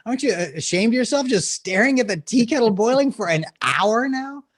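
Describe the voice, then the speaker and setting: A man's voice: very high voice, animated, a little slow, darkish tone, pitched above the performer's own voice, full character voice. A man putting on the voice of an exasperated mother who barks at her son. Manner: barking, nagging. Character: scolding mother, middle-aged woman, exasperated.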